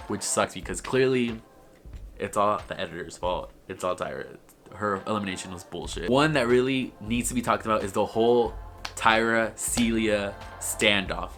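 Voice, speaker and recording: A young man with a lowish voice rambles through casual gossip, cursing often and filling every pause with "like." Faint music plays softly behind him. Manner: profane, rambling, heavy use of "like". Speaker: YouTube vlogger.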